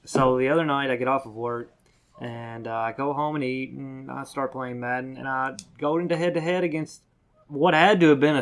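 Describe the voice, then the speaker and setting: A man co-hosting a podcast, telling a story in casual chat and acting out other people's lines loudly. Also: medium pitch. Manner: animated storyteller, acts out quotes loudly. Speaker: podcast co-host.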